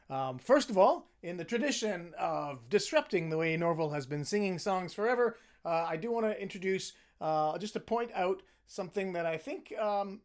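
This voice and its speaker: A man whose voice is worn from cheering, giving a choir chatty, self-deprecating instructions and singing lines to demonstrate. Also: a little high. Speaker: choir director.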